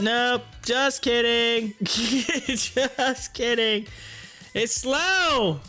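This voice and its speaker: Giggly high-voiced livestream market host. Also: slow, soft background music. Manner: giggly, laughs often, excitable; reads viewer comments aloud and reacts. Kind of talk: live-streamed market commentary with chat reading.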